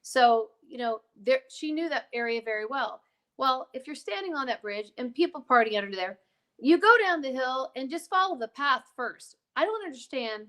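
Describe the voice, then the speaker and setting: A woman's voice: sits high, expressive, normal speed, fairly bright tone. A woman guest in a casual talk, explaining things in an emphatic, digressive way with many asides. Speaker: podcast guest. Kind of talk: casual conversational storytelling.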